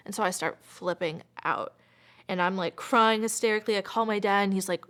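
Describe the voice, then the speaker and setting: Woman in her 20s telling a story in an interview, mid pitch, says like a lot, goes almost whispery sometimes. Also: steady tone, brisk, a bit bright. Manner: chatty, frequent filler "like", drops to near whisper. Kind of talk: personal storytelling.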